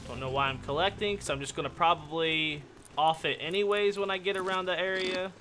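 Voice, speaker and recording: A man's voice: a little high, a little fast, over music. A man giving casual, joking gaming commentary, rambling and yelping when startled. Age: adult. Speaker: gaming YouTuber.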